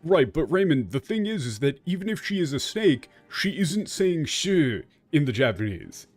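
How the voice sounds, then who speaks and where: A man streaming a game and translating its dialogue live, talking in a halting way with frequent restarts and casual swearing. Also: a little high, sing-song, no echo, faint music behind. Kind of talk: live gameplay commentary.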